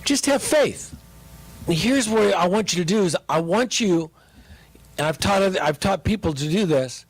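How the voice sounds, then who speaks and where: A man pastor teaching about marriage, joking and animated as he speaks to his listeners. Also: high-pitched, normal speed, no room sound, low-quality recording.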